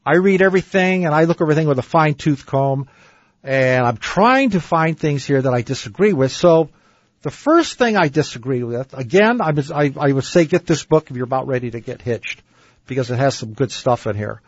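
A man's voice: fairly high pitch, expressive, brisk, no echo, muffled recording. A man hosting a dating advice radio show, reading book passages aloud and arguing against them in an opinionated way. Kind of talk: radio talk show commentary.

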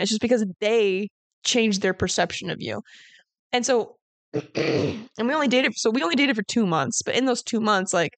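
A woman's voice: medium pitch, dry recording. A young woman hosting a podcast, telling a personal story in a candid, rambling way with lots of "like". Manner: candid, rambling, heavy use of "like". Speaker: podcast host.

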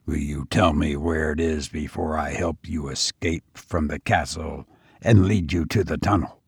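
A man reading aloud and voicing a cautious, crafty male castle jailer who speaks in a quiet, measured way. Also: a bass voice, steady tone, creaky, husky, no room sound, studio quality, voice pushed down, heavily acted. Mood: sly.

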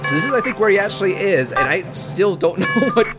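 A man's voice: high voice, animated, quick pace, loud music behind the voice. A young man hosting a reaction video, explaining scenes in a wry, casual way. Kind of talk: casual comedic commentary.

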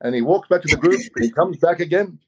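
A man from Australia tells a long personal story in an easy, conversational way. He talks in an animated manner, repeating words and restarting as he goes. His voice sits a little above the usual pitch for a man. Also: fast talker, breathy edge, lo-fi sound. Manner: animated, repeats words, laughs while telling. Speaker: guest storyteller. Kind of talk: casual storytelling.

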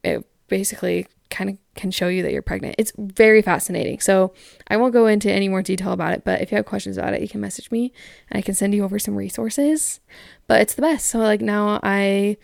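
Chatty young woman with a gravelly edge. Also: mid-range voice, fast, no room sound, studio quality. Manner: chatty, frequent "like" fillers, candid. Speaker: podcast host. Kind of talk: casual chat reading listener stories.

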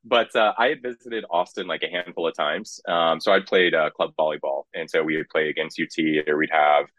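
A young man from Kansas, a guest in a casual interview, speaking in a relaxed way with many fillers. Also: rumbling low, a little fast, dry recording, lo-fi sound.

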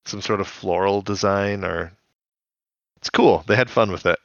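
Low-voiced male podcast co-host, chatty recap tone, dull lo-fi mic. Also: no room sound. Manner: chatty, recounts scenes with quick quoted voices. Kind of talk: casual recap chat.

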